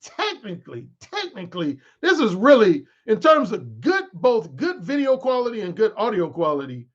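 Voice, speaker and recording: Animated high-voiced man on a livestream. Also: moderate pace, husky, lo-fi sound. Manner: candid and animated, with frequent restarts. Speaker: dating coach and author. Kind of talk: livestream talk to followers. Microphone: desk microphone he adjusts mid-stream.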